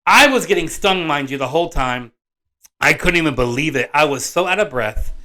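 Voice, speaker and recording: A man in a vlog tells a personal story in an excitable, rambling way. He keeps stumbling into restarts and self-corrections. His voice sits a little high and comes across bright and forceful. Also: moderate pace. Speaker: vlog host and father. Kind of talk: animated personal storytelling to camera.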